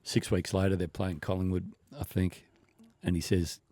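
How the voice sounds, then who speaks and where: A man's voice: low-pitched, level tone, moderate pace, mellow, dry recording. A middle-aged Australian man hosting a radio show, telling wry anecdotes in casual banter. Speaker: radio host. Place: radio studio.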